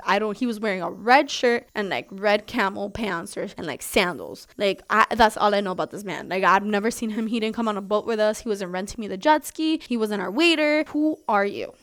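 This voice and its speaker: A young adult woman vlogger telling a story in a casual, animated, exasperated way. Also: medium pitch.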